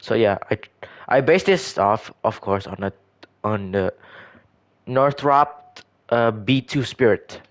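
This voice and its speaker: A man's voice: on the low side, lively intonation, slow pace. A man giving casual, rambling commentary on his own game builds, often stumbling and restarting his sentences. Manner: rambling, hesitant, frequent restarts and self-corrections. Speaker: gaming video creator.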